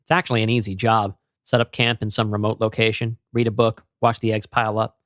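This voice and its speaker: Tired lonely camp guy, calm and plain, man reading him in his own voice, dry mic. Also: fairly low pitch, a little fast, dry recording, natural voice. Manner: calm, tired, matter-of-fact. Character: weary lonely grown man, a creature watcher. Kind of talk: podcast story reading.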